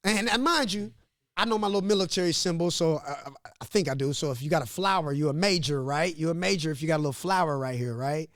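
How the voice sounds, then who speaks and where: A man from Missouri, a podcast guest, telling a story in a casual, animated, profane way and acting out what others said. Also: a little high, fast, no echo, studio quality. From Grandview, Missouri. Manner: animated, profane, laughs often, acts out quotes.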